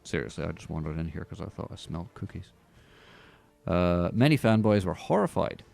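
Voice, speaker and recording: Man, podcast host, gravelly low voice, dry sardonic delivery, close dry mic. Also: big pitch swings, fairly quick, darkish tone, dry recording, faint music behind. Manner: sardonic, dry mocking asides. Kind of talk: casual comedic movie news chat.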